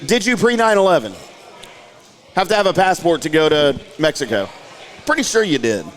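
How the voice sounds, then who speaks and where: Animated joking male podcast co-host. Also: fairly high pitch, normal speed. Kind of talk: casual chat.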